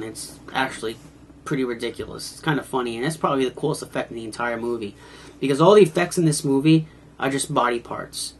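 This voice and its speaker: A man's voice: mid-range voice, slight background noise. A man giving a casual video review of an old horror film, with a wry, mocking manner. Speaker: movie reviewer.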